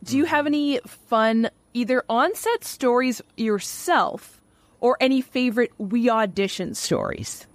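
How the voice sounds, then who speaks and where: A woman with a Canadian accent hosting a podcast interview, chatty and quick to laugh. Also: a little high, no echo. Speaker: podcast host. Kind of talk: casual interview.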